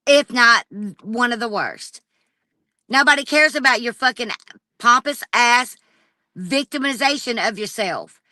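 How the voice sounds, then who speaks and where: A woman's voice: on the high side, lively intonation, unhurried, sharp tone, dry recording. A woman livestreaming an angry, profane rant straight at a rival. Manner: profane and confrontational, addressing a rival directly.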